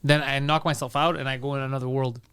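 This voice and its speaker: A man co-hosting a podcast, chatting casually and throwing in quick jokes. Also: mid-range voice, flat delivery, fairly bright tone, slight background noise. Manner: quick, joking interjections. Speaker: podcast co-host. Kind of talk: casual banter.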